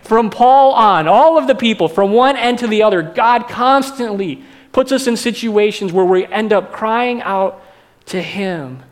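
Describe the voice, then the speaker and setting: Pastor guy with a high voice giving a chatty sermon, throws questions at the crowd. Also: unhurried. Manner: conversational, asks the congregation questions.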